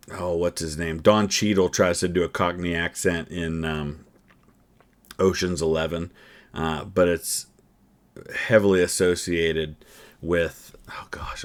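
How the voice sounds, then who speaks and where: A man hosting a history channel, reacting to a trivia quiz and musing through each answer with plenty of ums and uhs. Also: sits low. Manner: thinking aloud, hesitant with many fillers.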